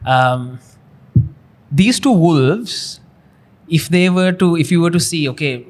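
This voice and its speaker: A man, a coach and guest who talks about habits in a lively storytelling way with rhetorical questions. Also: on the high side, slow pace. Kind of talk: conversational interview.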